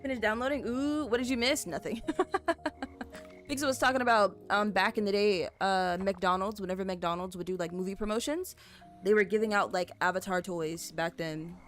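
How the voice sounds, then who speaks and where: A woman's voice: medium pitch, steady tone, normal speed, faint music behind. A young woman streamer, rambling casually to her chat while building in a game, full of "like" and "you know". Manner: rambly, lots of "like" and "you know", apologetic and chatty with viewers.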